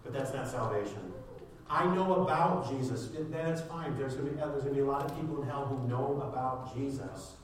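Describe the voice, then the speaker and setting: A man's voice: mid-range voice, animated, fairly quick, hardly any pauses, a little mellow. A middle-aged male pastor preaching a sermon in a church, telling rambling folksy stories with many asides. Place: church sanctuary. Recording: echoey hall picked up from a distance, with background noise.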